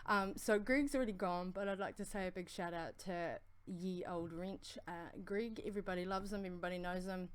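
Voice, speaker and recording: A woman with a strong New Zealand accent co-hosting a livestream, talking fast in a rambling, friendly way. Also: fairly low pitch, smooth. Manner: fast, rambling, affectionate shout-outs. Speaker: co-host of a vaping livestream. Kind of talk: casual livestream chat.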